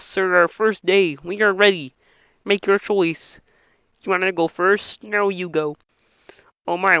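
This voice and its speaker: A man doing an impression of a nasal, excitable male puppet frog, reading a whole film script aloud as every character. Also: high-pitched, clear, resonant tone, no echo, exaggerated voice. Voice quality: nasal, reedy. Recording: dull lo-fi dry home mic.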